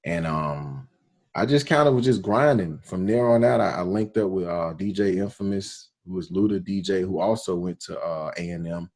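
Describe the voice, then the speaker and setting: A radio DJ from Alabama, telling his story in a relaxed interview with slang and quoted dialogue. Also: low voice, normal speed. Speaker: radio DJ, podcast guest.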